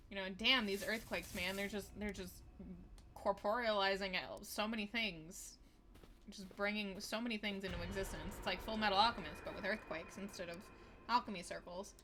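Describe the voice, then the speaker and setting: A woman's voice: mid-range voice, sharp tone, slight background noise. A young adult woman livestreaming a horror game, giving casual, chatty gameplay commentary full of crude, self-mocking asides.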